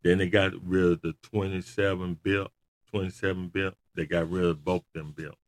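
A man chatting casually, an animated storyteller who laughs often. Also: low voice, moderate pace. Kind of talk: casual chat about wrestling.

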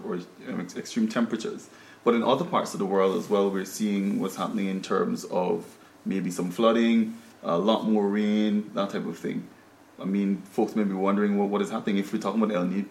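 A Guyanese man hosts a panel discussion in a low-pitched voice, speaking conversationally with many "um"s and restarts. The sound comes through an echoey studio room. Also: gravelly, a little hiss or hum. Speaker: talk show host.

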